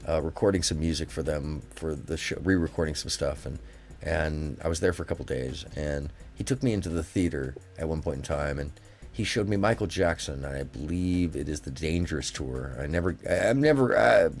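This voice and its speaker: Deep-voiced rambling call-in host. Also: male voice, fairly quick, darkish tone, soft background music. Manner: rambling storyteller, emphatic, drifting pace. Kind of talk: casual call-in chat.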